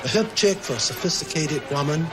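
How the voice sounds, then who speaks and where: A man in an archival interview, explaining things in a relaxed way, pausing with fillers. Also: on the high side, over music.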